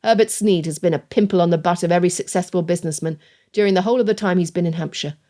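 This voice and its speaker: A woman narrator voicing a gruff, commanding male smuggler ship captain in an audiobook. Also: lowish voice, racing, mellow, lightly acted. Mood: scornful. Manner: curt, commanding.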